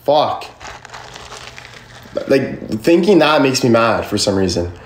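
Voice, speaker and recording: Young guy on a livestream answering chat, says like a ton, swears, mid-pitched voice, echoey room. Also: big pitch swings, slow pace, a little hiss or hum. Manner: rambling, swears a lot, constant "like" fillers. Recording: echoey room with faint ambience.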